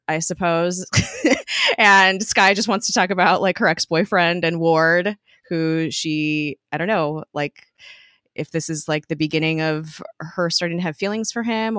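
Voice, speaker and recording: A woman's voice: deep voice, fairly bright tone, no echo, clean studio sound. A woman co-hosting a podcast, casually recapping a TV episode, chatty with lots of fillers and laughs. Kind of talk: casual chat.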